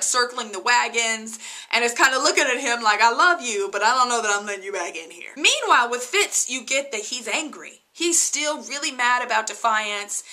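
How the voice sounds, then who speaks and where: Woman gushing over a tv episode, higher voice, bright and punchy, keeps saying you guys. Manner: chatty, gushing, often addresses viewers as "you guys". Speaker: TV episode reviewer. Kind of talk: casual recap vlog.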